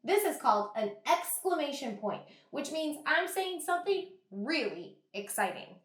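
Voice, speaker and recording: A woman teacher giving an online reading lesson to young children, sounding out words slowly and praising the class. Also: high voice, sing-song, echoey room. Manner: slow, exaggerated sounding out of words. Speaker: kindergarten teacher.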